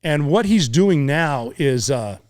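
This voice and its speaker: A middle-aged man, a former Navy SEAL, tells a combat story in a casual interview, profane and lively, acting out voices and sound effects. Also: fairly high pitch, slow pace. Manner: animated war storyteller, profane, acts out voices and sounds, laughs often.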